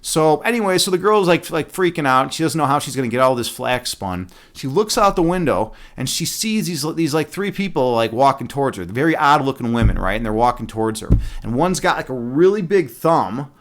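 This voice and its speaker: A man reading a fairy tale aloud as a streamer, breaking off into profane, excitable, rambling commentary. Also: medium pitch, brisk, hardly any pauses.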